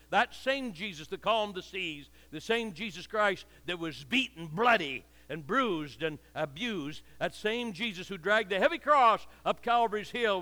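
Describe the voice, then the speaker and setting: Older preacher with a bright, high voice. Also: male voice. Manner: impassioned, repetitive preaching cadence. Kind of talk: sermon. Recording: long hall reverb.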